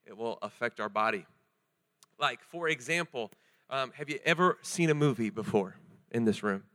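A young man preaching a sermon in a casual, joking and animated way, with many fillers. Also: mid-range voice, moderate pace.

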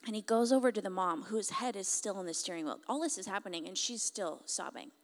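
A woman telling a moving story to an audience in an animated, emphatic way. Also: mid-range voice, fast talker. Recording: long reverb.

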